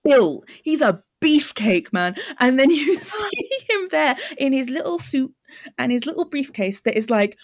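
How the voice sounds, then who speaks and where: A woman's voice: high voice, big pitch swings, unhurried, no room sound, studio quality. A British woman guesting on a casual film podcast, giggly and playful, slipping into mock voices. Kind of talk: casual film review chat.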